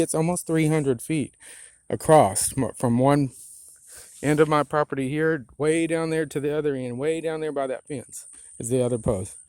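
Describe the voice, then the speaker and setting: A man's voice: on the high side, a little mellow, no room sound. A man filming himself outdoors on his rural land with a phone, ranting angrily with profanity and many rambling "you know"s. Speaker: property owner filming a complaint. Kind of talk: angry handheld vlog rant.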